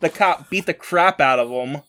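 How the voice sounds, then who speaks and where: A man's voice: a little high, moderate pace, fairly bright tone. A man hosting a casual podcast chat, rambling through a comic plot summary and correcting himself as he goes. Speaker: podcast host recapping a comic.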